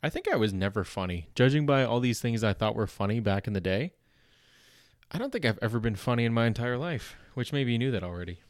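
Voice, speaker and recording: Fast and animated, a young Canadian man with a mid-range voice and a Canadian accent rambles through old notes on his comedy podcast. The casual comic monologue is packed with fillers, restarts and self-deprecating asides, captured in a dry, studio-quality recording.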